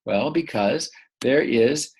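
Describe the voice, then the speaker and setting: A man's voice: medium pitch, gravelly. Encouraging man reading a picture book. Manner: slow, encouraging, full of questions. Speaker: teacher.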